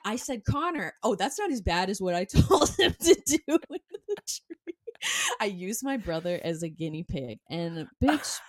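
A woman's voice: medium pitch, sing-song, moderate pace, dry recording. A young woman telling childhood stories in casual chat, laughing often and acting out the people she quotes.

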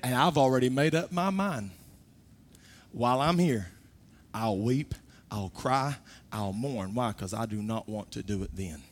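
A man preaching a sermon, moving from quiet, low talk to loud, high-pitched exhortation. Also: animated, measured pace.

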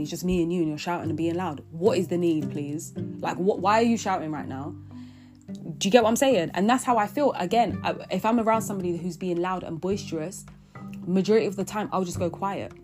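A young woman talking through her feelings in an earnest, rambling way, full of restarts and fillers. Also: lowish voice. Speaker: vlogger. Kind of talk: reflective personal monologue. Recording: guitar music under the voice. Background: guitar music.

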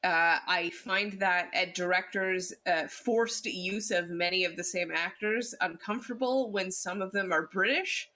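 A man's voice: high voice, unhurried, hardly any pauses, sharp tone. A man co-hosting a casual podcast, often repeating words as he gathers his thoughts. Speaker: podcast co-host. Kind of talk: casual chat.

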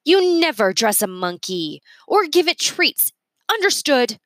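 A woman's voice: sits high, sing-song, measured pace, a bit bright, no room sound, voice pushed up, exaggerated voice. A woman reading a storybook aloud, voicing a stern young animal keeper who gives firm orders. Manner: firm, commanding.

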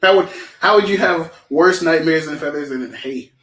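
A man co-hosting a casual podcast from his own bedroom, deadpan and joking. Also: on the high side, normal speed. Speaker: podcast co-host. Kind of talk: casual chat.

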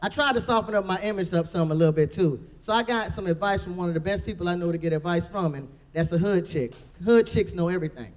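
A woman with a deep voice doing a brash, profane stand-up comedy set. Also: fast talker, few pauses, darkish tone.

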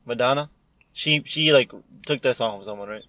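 A man's voice: medium pitch, moderate pace, bright, forceful tone, no room sound. A young man chatting casually with friends, rambling through anecdotes. He laughs often, swears freely and acts out other people's lines as he tells a story. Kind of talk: casual chat.

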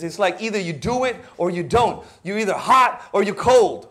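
Animated high-voiced Filipino preacher. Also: male voice, normal speed. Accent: Filipino, with Cebuano words. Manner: animated, acts out quoted voices, sudden drops to near-whisper. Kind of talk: sermon.

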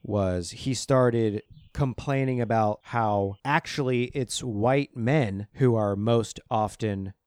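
A man's voice: medium pitch, slow, a little mellow, clear, resonant tone, no echo, studio quality. A man hosting a political commentary show, ranting in a heated, sarcastic and profane way. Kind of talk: ranting solo podcast commentary.

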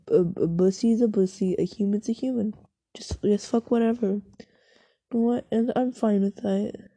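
With a mellow, mid-range voice edged with breath and no echo, a woman vlogs while browsing online. Her talk is rambling and profane, full of giggles and self-interruptions, and faint music plays behind it.

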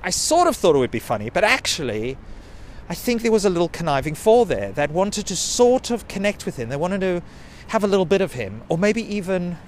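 A man's voice: high voice, very animated, brisk, slight background noise. A man, telling a rambling personal story in a sweary, self-mocking way. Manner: sweary, self-mocking, digressive, with quoted put-on voices.

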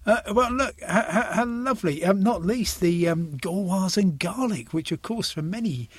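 Older english guy, husky a bit high voice, lots of ums, reads poems slow, dry close sound. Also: expressive, no room sound. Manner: hesitant, many ums and restarts, reads poems slowly. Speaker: poetry reader in a conversation. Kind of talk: casual chat with poetry readings.

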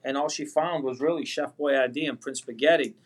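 A man's voice: mid-range voice, a little fast, husky. A man in his forties with a Boston accent, a guest on a podcast speaking over a video call, earnest, heartfelt and rambling. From Boston area, USA. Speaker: pasta manufacturer, guest. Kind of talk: casual interview chat.

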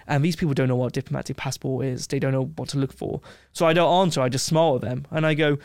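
A man's voice: fairly high pitch, fast talker, few pauses, clear, resonant tone, no echo, clean studio sound. A man, from England, telling a cocky travel story in casual talk and acting out the people in it. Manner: brash, cocky storytelling with acted quotes. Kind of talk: casual anecdote.

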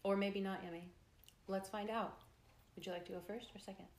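A woman's voice: medium pitch, fairly even intonation, brisk. A young woman co-hosting a podcast, chatting casually and giggling in a self-deprecating way. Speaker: podcast co-host. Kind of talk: casual chat. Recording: echoey room with clear hiss.

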